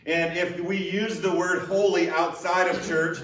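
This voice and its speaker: A man's voice: high-pitched, little pitch movement, a little slow, a bit bright, a little hiss or hum. A male pastor giving a sermon in a conversational way, using repeated rhetorical questions and light joking. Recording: echoey room, voice picked up from a distance.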